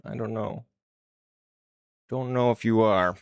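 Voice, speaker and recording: Casting note: male indie game dev streamer, low gravelly voice, rambling hype chat. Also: fairly even intonation, slow pace, no room sound. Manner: hyped-up, rambling and chatty. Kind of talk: casual livestream chat.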